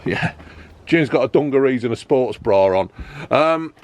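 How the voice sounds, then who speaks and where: A man's voice: medium pitch, animated, measured pace, slight background noise. A man chatting casually to camera about his camper van build, joking and filling gaps with ums and uhs. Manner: chatty, joking, lots of fillers.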